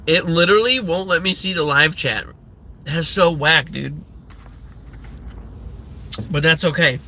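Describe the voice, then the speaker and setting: A man ranting on his own livestream, sarcastic and heavy on swearing, who rambles with frequent fillers and false starts. His voice sits a little high for a man and has a very bright, sharp edge. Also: measured pace, a little hiss or hum. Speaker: livestream host. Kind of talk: profane livestream rant.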